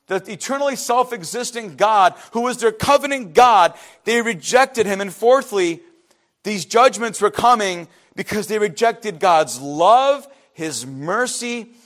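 High, lively passionate preacher man. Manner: passionate, animated, with quick asides to the congregation. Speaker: pastor. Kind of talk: sermon.

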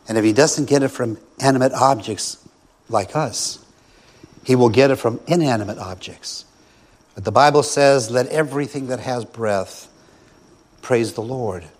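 A man preaching a sermon, his voice sitting a little higher than most men's. He builds his points through repetition and slows down to land each line with emphasis. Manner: rhetorical repetition with slow, emphatic pauses.

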